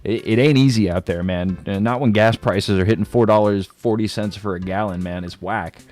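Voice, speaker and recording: A man's voice: on the low side, normal speed, darkish tone, faint music behind. A man streaming a game and chatting casually, laid-back and slangy, joking at his own expense and laughing often.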